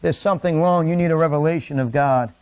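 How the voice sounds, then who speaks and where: A man's voice: fairly high pitch, fast talker. Impassioned male pastor preaching. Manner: impassioned preaching, rising to near-shouts. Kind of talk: sermon. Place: church sanctuary.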